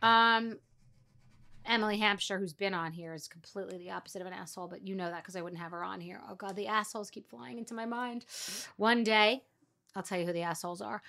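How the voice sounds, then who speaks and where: A woman's voice: medium pitch, fairly even intonation, fairly quick, gravelly, bright, forceful tone. A middle-aged woman hosting a podcast, talking in a blunt, profane, emphatic monologue. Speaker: podcast host. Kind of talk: casual monologue.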